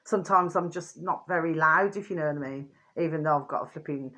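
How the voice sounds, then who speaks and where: A woman hosting her own channel talks fast in a rambling, casual monologue. Chatty, she repeats pet phrases and keeps asking "do you know what I mean." She often drops to a low murmur, then rises high in louder bursts and laughs.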